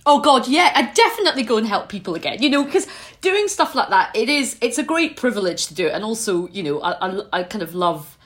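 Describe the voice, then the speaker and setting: Animated laughing woman, high voice. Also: a little fast, few pauses. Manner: animated storyteller, laughs often, squeals when amused. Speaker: podcast guest. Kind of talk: casual chat.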